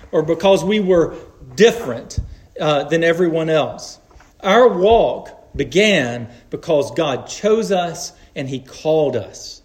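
This preacher, a man whose voice sits fairly high, talks at an unhurried, deliberate pace. His sermon comes in sincere, measured phrases, with weighty pauses driving every point home.

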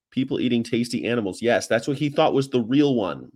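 A man's voice: mid-range voice, a little fast, hardly any pauses, darkish tone, no echo, clean studio sound. A man, a vegan activist, chatting casually and animatedly, with profanity and funny impressions of people. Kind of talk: casual chat. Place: Charlotte, North Carolina.

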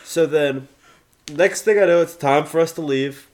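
A man's voice: on the high side, normal speed, darkish tone. A man who is a podcast guest in casual chat, telling a story and often chiming in with "right.". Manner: storytelling, says "right" a lot.

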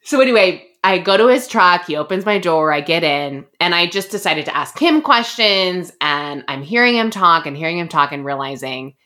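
A young woman casually telling a personal story as a podcast co-host, chatty and animated with plenty of fillers. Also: on the low side, normal speed, few pauses.

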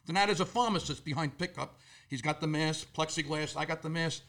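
A man around sixty, a comedian guest telling stories in an animated, profane, rapid-fire way. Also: fairly high pitch, far from the mic. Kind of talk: comic storytelling.

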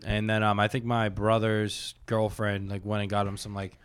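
A man's voice: fairly low pitch, completely flat delivery, normal speed, clean tone. A young man co-hosting a casual podcast, teasing his friend and swearing a lot. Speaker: podcast co-host. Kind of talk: casual crude podcast banter.

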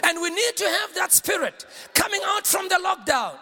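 A male pastor delivering a fiery sermon, often shouting and calling on the congregation to answer back. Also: very high voice, animated, moderate pace, vocal fry, big-room sound. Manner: fiery preaching with shouted call-and-response.

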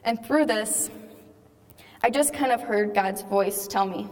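A woman's voice: a little high, takes it slowly, long pauses, darkish tone. A young woman telling an earnest faith testimony to a live audience, casual in tone with many "like"s. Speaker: speaker giving a faith testimony. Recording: long hall reverb.

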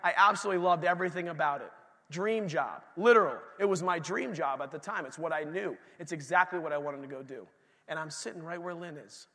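A middle-aged man preaching in a church sanctuary, his voice high and gravelly. He sounds bright and forceful, and long hall reverb trails his words. He talks in an animated way, acting out dialogue and then dropping into quiet asides. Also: a little fast. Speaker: pastor. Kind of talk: sermon.

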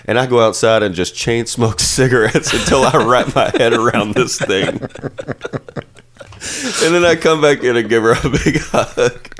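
A man's voice: mid-range voice, normal speed. A man co-hosting a podcast, telling a story with laughter, his voice jumping up when he quotes himself. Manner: animated, laughing, voice jumps up when quoting himself. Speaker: podcast co-host. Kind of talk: casual chat.

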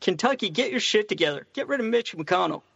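A man calls in to a podcast and speaks bluntly, swearing freely. His high voice is gravelly and husky. The audio is dry, dull, and slightly distant, like a call line. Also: animated, brisk, a bit bright, dry recording. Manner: blunt, profane. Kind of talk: casual podcast chat.

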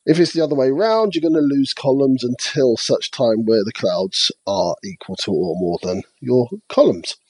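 A man with a husky, slightly breathy voice lays out game rules one step at a time, his pitch rising and falling a lot as he goes. He sounds like a podcast co-host in easy conversation, recorded dry and close on a podcast mic. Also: lively intonation, normal speed, few pauses, darkish tone, no room sound. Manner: methodical, walks through game rules step by step. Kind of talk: casual chat reviewing board games.

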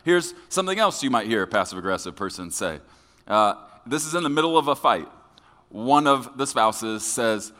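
A man preaching a sermon as pastor to his congregation, joking with them in a lively, conversational way. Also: mid-range voice, a little fast. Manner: lively, joking with the congregation, acting out quoted voices. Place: church sanctuary. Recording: long hall reverb.

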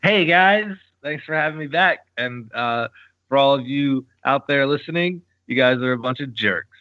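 A man's voice: medium pitch, expressive, moderate pace, dull audio. A man appearing as a podcast guest, teasing the listeners and mocking himself in casual chat.

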